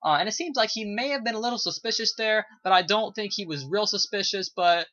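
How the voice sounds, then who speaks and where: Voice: medium pitch, a little fast, sharp tone. A video reviewer talking casually about a TV episode, rambling with lots of fillers and gushing praise. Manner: rambling, heavy use of "you know" and "uh" fillers. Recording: dull lo-fi recording.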